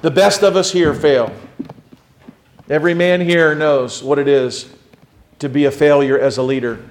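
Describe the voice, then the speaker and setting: A middle-aged pastor preaching a sermon, his voice sitting a little high for a man. He pushes some lines out loud and drops others to a low hush. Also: fairly even intonation, moderate pace. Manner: preaching with swings between loud emphasis and quiet low lines.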